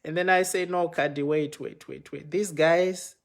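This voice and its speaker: A man's voice: a little high, steady tone, moderate pace, vocal fry. A man, a pastor, telling a personal story on a livestream, acting out the quoted exchanges with animation. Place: home, speaking to a phone for a live video. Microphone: phone microphone.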